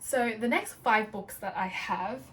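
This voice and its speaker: A woman's voice: on the high side, unhurried. A young woman chatting casually and bubbly about her new books, with lots of "like" as she talks. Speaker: book vlogger. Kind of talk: casual book haul chat. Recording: a little distant from the mic, faint room noise.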